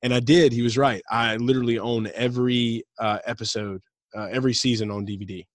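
Young dude on a podcast, swears a lot, cracks up mid story, dry close mic. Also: male voice, medium pitch, fairly quick, no echo. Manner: animated storyteller, swears, laughs while retelling scenes. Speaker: podcast co-host. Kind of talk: casual chat.

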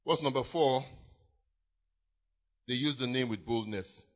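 A man preaching a sermon in church, acting out little scenes with loud exclamations. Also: mid-range voice, unhurried. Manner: animated, acts out scenes with shouted exclamations. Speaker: pastor. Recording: dull lo-fi church recording.

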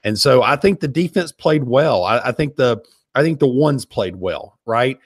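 A man co-hosts a casual sports podcast, working through his analysis with plenty of "you know" fillers. His mid-pitched voice sounds dry and close to the mic. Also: expressive, normal speed, no room sound. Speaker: podcast co-host.

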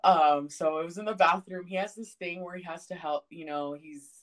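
A young woman co-hosting a podcast, telling family stories in a casual, profane, animated way, often laughing and breaking into loud outbursts. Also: lowish voice, moderate pace. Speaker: podcast co-host. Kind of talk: casual chat.

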